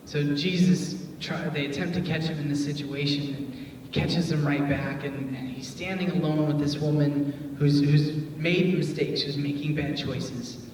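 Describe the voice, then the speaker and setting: Guy from detroit giving a chill youth sermon, kinda high voice, lots of "like", big echoey hall. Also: fairly even intonation, moderate pace, a little mellow. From Detroit, USA. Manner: chatty and joking, many filler "like"s. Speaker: youth pastor. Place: church hall. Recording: echoey hall, voice from far off, faint noise.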